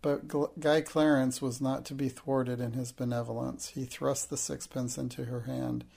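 A man reads a children's novel aloud in a steady, measured way. His voice is gravelly and his delivery stays level, with little rise and fall. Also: mid-range voice. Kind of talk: audiobook narration.

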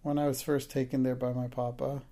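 A man reading a quiet young orphan girl. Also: mid-range voice, flat delivery, a little fast, lightly acted. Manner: soft, plain and quiet. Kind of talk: audiobook reading.

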